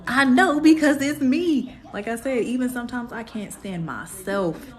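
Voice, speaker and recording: A young woman, hosting a casual astrology live stream in a sassy, animated way. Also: a little high, moderate pace. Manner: sassy, animated, calls viewers "baby".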